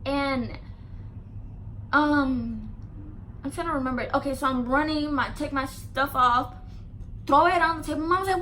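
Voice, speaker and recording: A woman vlogger telling a casual storytime, animated and emphatic, swearing freely with lots of "like" fillers. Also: sits high, normal speed, a little hiss or hum.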